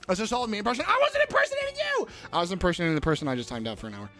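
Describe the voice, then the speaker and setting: Lively, giggly streamer rambling to chat. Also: medium pitch, very fast, faint music behind. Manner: rambling, giggly, swears freely. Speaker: livestreamer. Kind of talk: casual chat with viewers.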